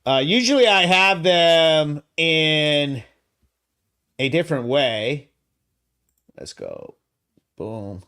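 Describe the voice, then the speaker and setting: A man hosting his own live show alone in a studio, excitable and laughing, swearing freely. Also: on the high side, extremely slow, pauses often, clean tone. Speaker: host. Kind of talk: solo live show commentary.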